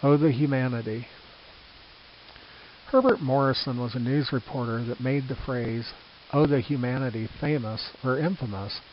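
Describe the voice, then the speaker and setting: An older man reading his own reflective book aloud, earnest and measured, with small restarts. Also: mid-range voice. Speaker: author narrating his book. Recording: slightly dull with faint hiss.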